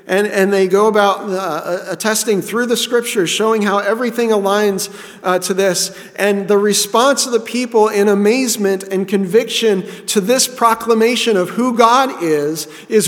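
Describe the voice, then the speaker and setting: A man's voice: high-pitched, moderate pace, in a large hall. A man preaching a sermon in an earnest, repeating way, often restarting his sentences. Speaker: pastor.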